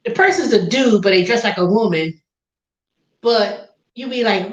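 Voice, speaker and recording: A woman's voice: medium pitch, normal speed. A woman hosting a casual chat, telling stories about her phone sales calls and acting out callers in quoted voices. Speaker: podcast host. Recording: roomy, dull lo-fi sound.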